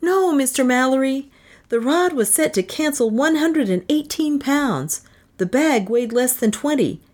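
A woman doing a shrill, frantic male inventor. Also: expressive, a little slow. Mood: apologetic. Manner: shrill, urgent shouting.

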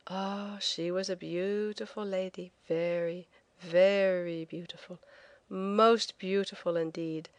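A woman voicing an older man, a devoted father, who speaks softly in a measured, polite way. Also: lowish voice, fairly even intonation, dry recording. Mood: gentle.

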